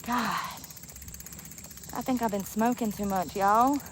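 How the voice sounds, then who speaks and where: A woman's voice: medium pitch, extremely slow, rough recording. Woman vlogging on her phone in a park, chatty, says y'all a lot, bit winded, some outdoor noise. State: out of breath while walking uphill. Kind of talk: casual vlog chat. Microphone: phone held while walking.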